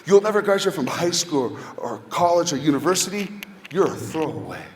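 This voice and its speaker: A man voicing a spiteful female teacher, speaking slowly and harshly in a big echoing hall. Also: fairly high pitch, very animated, slight background noise. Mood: scornful. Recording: echoey hall, faint ambience.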